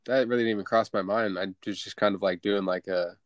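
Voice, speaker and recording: A man with a mid-pitched voice hosting a podcast, trading teasing, joking banter in casual talk. The recording is dry and close to the mic. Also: fairly even intonation, quick pace, no room sound. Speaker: podcast host. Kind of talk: casual chat.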